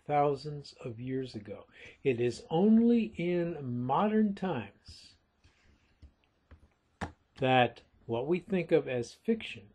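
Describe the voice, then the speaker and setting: A man teaching literature in a recorded lecture, explaining things deliberately and calling his listeners folks. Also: medium pitch, dark tone.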